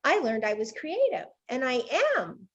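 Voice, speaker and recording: A woman's voice: fairly high pitch, big pitch swings, normal speed, breathy edge. Woman in her sixties, dull lo-fi sound. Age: 60s. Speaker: show host. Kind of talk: casual interview chat.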